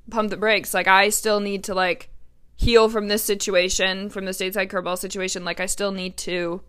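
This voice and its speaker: A woman's voice: mid-range voice, fairly bright tone, clear, resonant tone. A young woman, hosting a podcast and telling a personal story in a chatty, blunt, profane way, full of "like". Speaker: podcast host.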